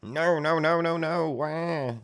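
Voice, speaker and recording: A man voicing a tiny fairy creature that mocks its captors in a squeaky, raised voice. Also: slow pace, fairly bright tone, clear, resonant tone. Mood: panicked.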